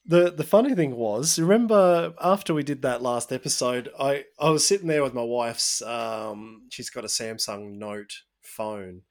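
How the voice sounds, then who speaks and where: A man's voice: mid-range voice, unhurried, hardly any pauses. Man telling a story on a podcast. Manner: storytelling, animated when quoting others. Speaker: podcast co-host. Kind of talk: casual podcast chat.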